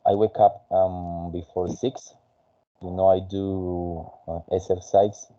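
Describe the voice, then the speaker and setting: A man whose first language is Spanish, teaching an English conversation class in a halting way with many fillers. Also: low voice, level tone, warm tone, dull audio.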